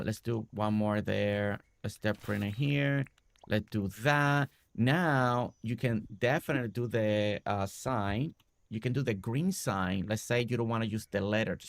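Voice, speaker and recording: A man's voice: medium pitch, vocal fry, no room sound. A man casually talking viewers through his building ideas on a live game stream, rambling with many fillers and restarts.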